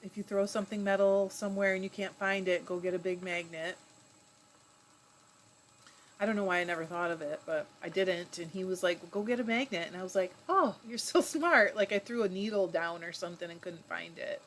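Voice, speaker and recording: A woman's voice: lowish voice, little pitch movement, fairly quick, slight background noise. A woman hosting a live stream in a casual, chatty way, reading viewer comments aloud, laughing often and breaking off mid-word. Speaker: livestream host.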